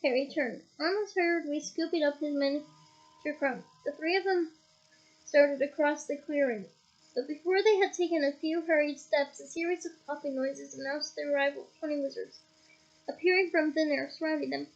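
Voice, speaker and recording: High-voiced woman reading a novel aloud. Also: moderate pace, lo-fi sound. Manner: lively reading, breaks off with playful comments. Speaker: audiobook reader.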